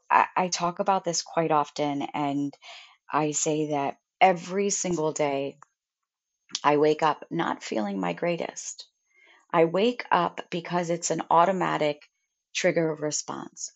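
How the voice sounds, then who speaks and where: A young woman, a mother, talking earnestly and deliberately about gratitude in a reflective self-help monologue. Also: sits low. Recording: dull lo-fi sound.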